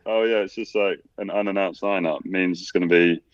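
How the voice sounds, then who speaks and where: A man talking as the guest of a casual video-call interview, relaxed and rambling, with plenty of fillers. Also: low voice, fairly quick, no room sound, highs cut off. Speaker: DJ and producer, guest.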